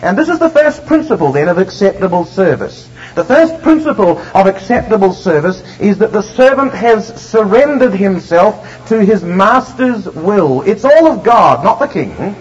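A man preaching a sermon, emphatic and slowing down to stress the scripture he reads. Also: high voice, very animated, husky. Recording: dull lo-fi recording.

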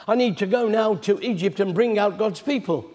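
A man's voice: sits high, moderate pace, a little mellow, close to an everyday voice. A man voicing an eighty-year-old shepherd prophet speaking plainly and earnestly. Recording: long hall reverb.

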